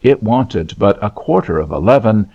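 A man narrating a novel in a measured, expressive storytelling manner. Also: on the low side, husky. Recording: dull lo-fi recording.

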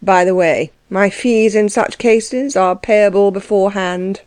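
A woman's voice: mid-range voice, unhurried, darkish tone, clear, resonant tone, no room sound, natural voice. A woman reading the part of an insolent male lawyer, speaking curtly and offhandedly, in a dry recording. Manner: curt and offhand.

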